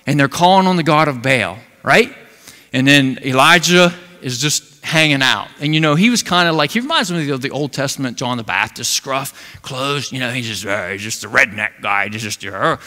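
A man preaching a sermon as pastor, telling a Bible story in an animated way and briefly acting out the characters. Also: a little high, moderate pace. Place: church sanctuary. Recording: long reverb of a large hall.

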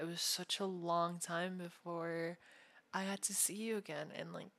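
A clingy, obsessive young yandere femboy, voiced by a man in a whispered role-play. The tone is bright and airy, gentle one moment and quietly threatening the next. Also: sits high, vocal fry, full character voice. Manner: soft, unsettling, swings between sweet and threatening.

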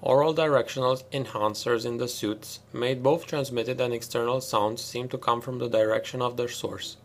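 Amateur male audiobook narrator, mid-pitched, steady, measured, home-recorded. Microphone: self-made home recording.

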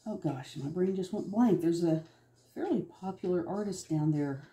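A man's voice: high-pitched, moderate pace, warm tone. A man hosting an art video, chatting casually and rambling from one topic to the next. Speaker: art channel host. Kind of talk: casual chat while making art. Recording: roomy echo, faint music behind.

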